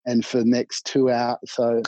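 A man telling a long personal story in casual conversation, animated, often repeating words and swearing freely. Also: medium pitch, a little slow, slight background noise. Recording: dull, muffled, dry sound.

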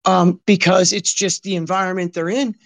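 A man's voice: high-pitched, little pitch movement, moderate pace, fairly bright tone. Slangy rambling man in casual chat. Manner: rambling, slangy storytelling full of "like" and "dude".

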